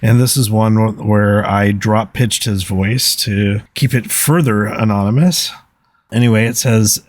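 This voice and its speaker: A man's voice: fairly low pitch, unhurried, no room sound. A man hosting a podcast alone, speaking in an earnest, reflective way as he reads out listener comments. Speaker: podcast host. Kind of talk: solo podcast talk, reading listener comments.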